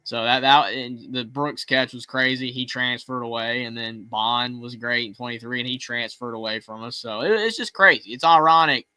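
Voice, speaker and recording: A man co-hosting a sports call-in show, rambling excitedly and often restarting his sentences. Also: medium pitch, moderate pace, hardly any pauses, clear, resonant tone, dry recording, poor audio. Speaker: co-host of a fan call-in show. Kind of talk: casual sports talk.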